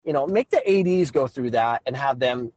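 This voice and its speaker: Middle-aged male coach, fed-up ranting monologue, mid-pitched, dry close recording. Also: expressive, moderate pace, a little mellow, no echo, dull audio. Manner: exasperated, ranting. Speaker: high school soccer coach. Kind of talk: frustrated monologue.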